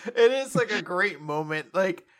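A man's voice: sits high, lively intonation, measured pace, a bit bright. A man co-hosting a podcast who chimes in with short, laughing reactions. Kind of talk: casual chat.

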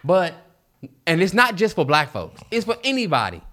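A man co-hosting a podcast, chatting casually, telling animated stories and swearing freely. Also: high-pitched, moderate pace. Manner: animated storytelling, swears freely, mimics others. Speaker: podcast co-host. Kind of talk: casual chat.

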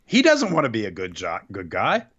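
A man co-hosting a wrestling podcast, recapping a match in an excitable, animated casual chat. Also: fairly low pitch, brisk, slightly rough. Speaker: podcast co-host. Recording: dull lo-fi sound.

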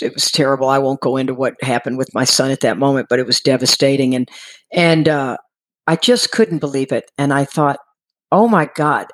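A middle-aged woman telling a personal recovery story, animated and acting out the people she quotes. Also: low voice. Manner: animated, acts out quoted voices, frequent restarts. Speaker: speaker sharing a recovery story.

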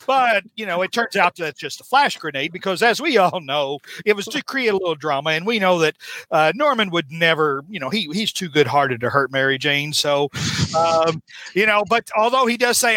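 A man recapping a comic on a podcast with a steady stream of mockery. His voice sits high and sounds very bright and tense. The recording is close and dry. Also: normal speed, no echo. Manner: sarcastic, mocking. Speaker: podcast host. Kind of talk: comedic comic-book recap.

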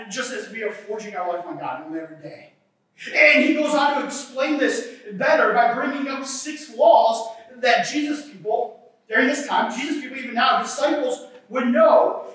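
A man preaching in a chatty way, often asking his congregation "right?" and swinging between loud emphasis and quieter asides. His voice rings through a very echoey church hall. The mic sits well away from him, so he sounds distant. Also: extremely high pitch. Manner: conversational, keeps asking "right?". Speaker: pastor. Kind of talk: sermon.

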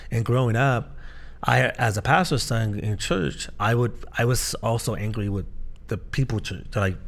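A man with a fairly low voice tells his own story on a podcast. He speaks earnestly, backing up and restarting his sentences as the memories come. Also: normal speed, gravelly, fairly bright tone. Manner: earnest, with frequent restarts and fillers. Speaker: podcast co-host and pastor. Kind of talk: personal storytelling in casual conversation.

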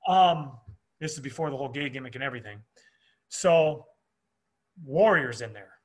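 A man's voice: medium pitch, normal speed. A man, a former pro wrestler, telling profane backstage stories as a guest in a casual interview and acting out the people in them. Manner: profane, animated, acts out the people in his stories.

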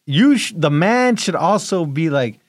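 A man co-hosting a podcast in casual chat, playful and quick to laugh. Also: on the high side, no echo. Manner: laughs often, playful and animated. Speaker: podcast co-host.

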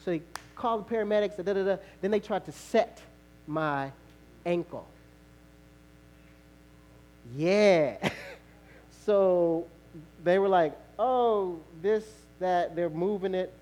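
A male pastor preaching a sermon, telling a lively personal story, acting out the voices of others and laughing often. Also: sits high, slow, long pauses, poor audio.

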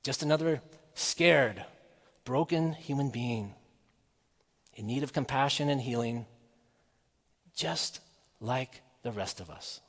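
Man, preacher, sermon, earnest measured delivery, rhetorical questions, long hall reverb. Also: medium pitch, a bit bright.

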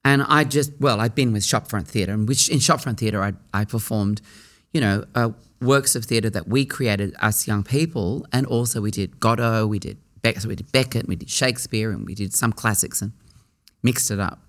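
A middle-aged man from Australia, a theatre actor, recalling his early career in a reflective interview, talking in a musing way with restarts and pauses. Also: on the low side, a bit bright.

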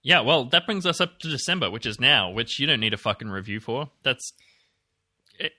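A man's voice: medium pitch, expressive, brisk, sharp tone. A man co-hosting a podcast, rambling in casual chat with lots of fillers and the odd swear word. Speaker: podcast co-host.

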